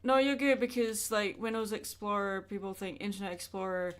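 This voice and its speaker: A woman's voice: mid-range voice, little pitch movement, a little fast. A young woman chatting casually with her viewers during a drawing livestream, rambling and answering questions as she goes. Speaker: art streamer.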